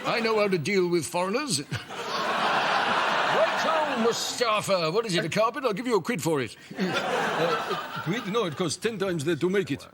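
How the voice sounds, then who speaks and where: A man's voice: high voice, animated, moderate pace, very noisy. A man voicing a grumpy, blunt old royal consort who blusters and barks at shopkeepers. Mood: blustering. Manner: blustering, impatient, shouting at sellers.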